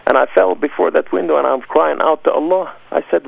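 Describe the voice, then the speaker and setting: A man's voice: a little high, big pitch swings, fast talker, vocal fry, few pauses, dry recording. A man giving an emphatic, dramatic personal testimony as an interview guest. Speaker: guest telling his testimony. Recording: dry, phone-like lo-fi sound.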